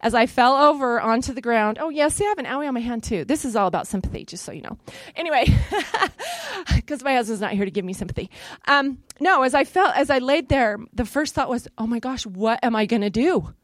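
A middle-aged woman telling a personal story to an audience, lively and self-deprecating, acting out what she and others said. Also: a little high, fairly quick, no room sound. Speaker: speaker sharing a personal story. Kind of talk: personal testimony talk to an audience. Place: in front of a live audience.

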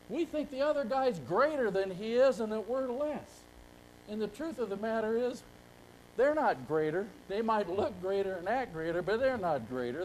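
Folksy high-voiced older man telling stories. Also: darkish tone, a little hiss or hum, poor audio. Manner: folksy, rambling storyteller. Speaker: speaker at a conference. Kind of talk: storytelling talk to a live audience.

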